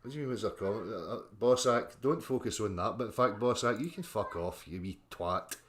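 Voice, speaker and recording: Scottish male streamer, low voice, mocking, foul-mouthed, combative rant. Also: a little fast. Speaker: livestream host reading chat. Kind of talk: ranting livestream chat.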